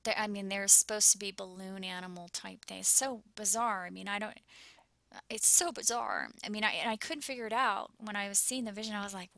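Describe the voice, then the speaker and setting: A woman's voice: medium pitch, brisk, vocal fry, pushed and bright, dry recording. A woman vlogging anxiously over a map, shaken and close to tears, often dropping into whispers. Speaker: YouTuber sharing visions.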